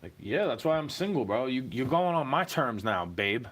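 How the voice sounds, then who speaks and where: Young man, ranting monologue, aggrieved, profane, mid-pitched voice. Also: big pitch swings, moderate pace, a bit bright. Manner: aggrieved, profane, repeatedly says "bro".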